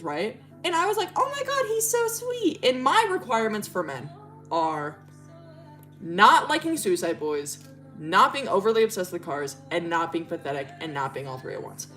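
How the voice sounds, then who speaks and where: A woman's voice: mid-range voice, sing-song, moderate pace, fairly bright tone, soft background music. A young woman from Wyoming telling a dating story in a casual, profane storytime chat, with bursts of shrieking laughter. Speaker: streamer.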